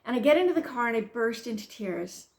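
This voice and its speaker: Speaking at a quick pace in a slightly high voice, a middle-aged woman teaching the Bible recounts a personal story, playfully acting out her own thoughts. She then turns it into gentle, earnest encouragement.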